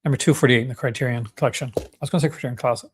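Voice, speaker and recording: A man's voice: medium pitch, steady tone, rapid-fire, slight background noise. A young Canadian man with a Canadian accent, hosting a casual livestream and chatting about his collection with lots of fillers and restarts. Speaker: livestream host.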